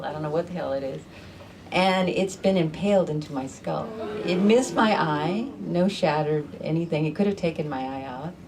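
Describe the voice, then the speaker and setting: A middle-aged woman telling a personal story to a live audience in an animated, conversational way, acting out other people's voices. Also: on the low side, far from the mic, a little hiss or hum. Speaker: storyteller host.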